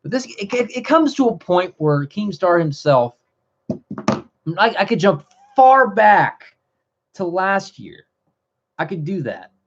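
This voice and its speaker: A man's voice: sits high, sing-song, slow pace, long pauses, dull audio. Heated, profane man ranting on a livestream. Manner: heated, profane, rambling with restarts. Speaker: commentary livestream host. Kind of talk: live commentary rant.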